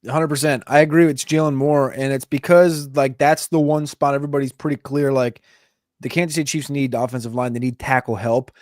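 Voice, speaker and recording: A man's voice: mid-range voice, fairly even intonation, darkish tone, no room sound. Man talking football with a dry close sound. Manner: thinking aloud, with hedging fillers and drawn-out pauses. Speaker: fantasy football podcast co-host. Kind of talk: casual sports chat.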